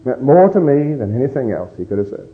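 A middle-aged man delivers a sermon as an animated storyteller, sometimes booming and sometimes dropping to a hush. His voice sits at an average pitch for a man. The recording is a little dull and lo-fi. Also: fast. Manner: animated storyteller, acts out voices, swings from loud to hushed. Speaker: pastor.

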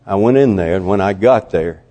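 An older man preaching a sermon, telling stories, swinging from loud and high to hushed. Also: moderate pace. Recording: long hall reverb.

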